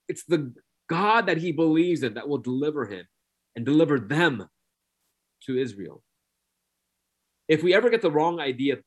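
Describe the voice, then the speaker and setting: A man preaching a sermon who reads scripture aloud and repeats key phrases for emphasis. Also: a little high.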